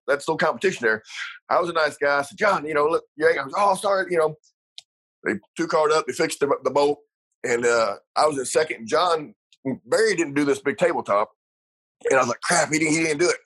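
A middle-aged man with a drawl spins racing stories in a casual interview. His voice is husky and mid-pitched, and he rambles, cusses and laughs easily. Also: a bit bright, low-quality recording. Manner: rambling, salty, laughs often, many fillers. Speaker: retired racer guest.

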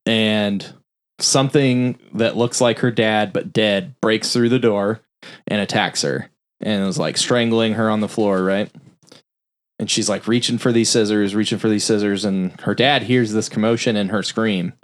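A man casually recapping a film's plot on a podcast, swearing freely and acting out the characters' lines. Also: on the low side. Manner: loose, profane plot recap with quick voiced-out quotes. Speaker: podcast host recapping a film. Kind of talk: casual film review chat.

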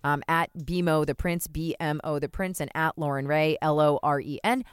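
A woman in her thirties co-hosting a podcast, telling stories in animated casual chat full of "like" and quick laughs. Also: low voice, clean tone, no room sound, studio quality. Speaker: podcast co-host.

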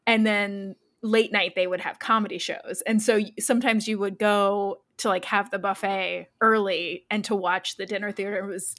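A woman's voice: medium pitch, fairly even intonation, fairly bright tone. Laughing woman trading stories. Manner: laughs often, quick reactions. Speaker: podcast co-host, former stand-up comic. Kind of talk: casual chat.

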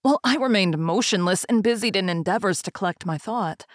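A woman's voice: medium pitch, fairly quick, no room sound. Woman reading a gothic tale, dry. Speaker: reader.

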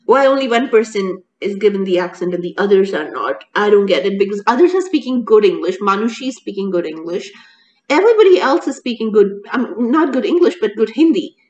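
A woman co-hosting a casual chat, talking in an animated way with many restarts and laughs. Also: fairly high pitch, muffled recording. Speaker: co-host reviewing a TV serial.

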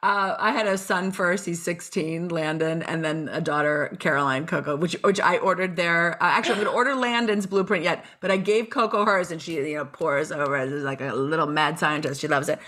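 A woman in her fifties hosting a podcast, animated and chatty, laughing often as she tells stories. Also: deep voice, a little fast, few pauses. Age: 50s. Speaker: podcast host. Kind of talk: casual chat.

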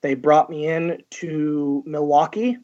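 A man's voice: a little high, mellow, highs cut off. A man, a guest, telling stories in a casual interview with many fillers and restarts. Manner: halting, lots of fillers and restarts, chuckles. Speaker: guest, professional wrestler.

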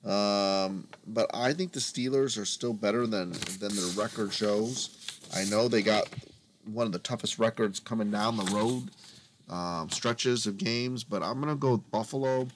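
On a sports podcast he co-hosts, a lowish-voiced man rants casually, addressing listeners as folks and swinging from grumbles to big theatrical proclamations. He talks a little slowly, and there's slight background noise.

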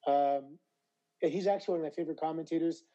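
A slightly hoarse man answering interview questions, his voice raised a touch above the usual male range yet very dark and mellow in colour. He tells stories with animated energy, often stumbling and restarting mid-sentence. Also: a little high, fast, highs cut off. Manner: animated storyteller with frequent stammered restarts. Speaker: interview guest, former wrestler. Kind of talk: casual interview chat.

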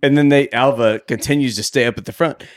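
Talking fast in a mid-range voice, this podcast co-host recaps a movie casually. He brings a scene to life by performing the characters' lines, and he laughs frequently throughout.

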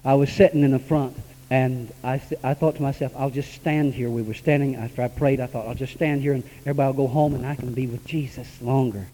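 A man preaching an emotional testimony sermon, dropping to a hush and then rising to high exclamations, sometimes chuckling. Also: steady tone, quick pace. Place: church sanctuary. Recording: long echoing reverb in a church hall.

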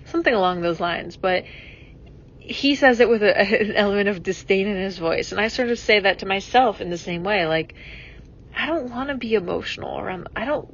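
A woman's voice: mid-range voice, expressive, fairly quick, dull audio. Rambling reflective woman podcaster. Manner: rambling, reflective, lots of fillers and restarts. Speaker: podcast host. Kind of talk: solo podcast monologue.

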